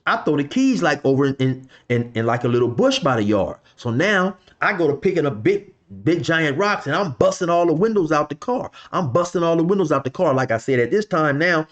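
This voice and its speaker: A man's voice: on the high side, expressive, fairly quick, hardly any pauses, lo-fi sound. Guy telling a story from back in the day, slangy and loose, lotta "you know, man". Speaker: vlogger telling a street story. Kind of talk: casual storytelling.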